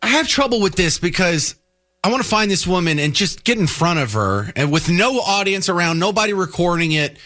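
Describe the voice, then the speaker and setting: A man hosting a talk radio show, delivering a sarcastic, animated opinion monologue. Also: sits high, fairly quick.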